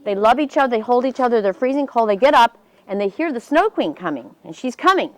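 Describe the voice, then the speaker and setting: A woman telling a fairy tale to children, animated and expressive, asking her listeners questions. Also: a little high, fast talker. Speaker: children's storyteller. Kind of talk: storytelling to children. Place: library.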